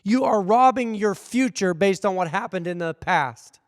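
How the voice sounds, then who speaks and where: A man preaching a sermon as pastor, animated, acting out the people he quotes. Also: high voice, moderate pace, dry recording, studio quality, long reverb tail. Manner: animated, acts out quoted voices. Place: church hall.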